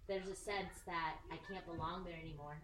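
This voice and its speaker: A woman giving a casual, animated sermon, joking and acting out the people she quotes. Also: on the low side, fairly quick, noisy background. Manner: animated, jokey, acts out quoted voices. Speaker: preacher. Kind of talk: conversational sermon. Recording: echoey room, mic at a distance.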